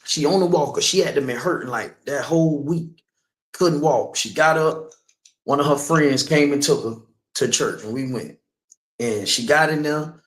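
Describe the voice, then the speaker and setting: A man's voice: a little high, moderate pace, fairly bright tone, reverberant. A man preaching in the street, telling a personal story with emphasis and asking listeners again and again whether they understand.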